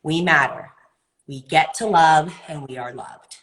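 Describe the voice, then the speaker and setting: A woman giving wellness advice in a live video-call interview, earnest and animated, sometimes acting out other people's voices. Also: sits low, measured pace, low-quality recording. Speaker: wellness guest.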